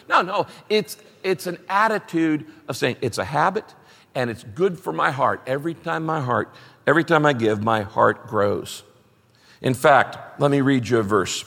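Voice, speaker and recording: A middle-aged man preaching a sermon as pastor, animated and emphatic, repeating key words for stress. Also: fairly high pitch, moderate pace, gravelly, big-room sound.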